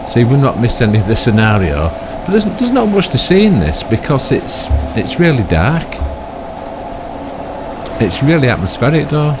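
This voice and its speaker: A man's voice: medium pitch, very animated, normal speed, noisy background. An older man giving rambling, chatty commentary on his own gameplay, full of tag questions and self-mocking asides. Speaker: gaming YouTuber.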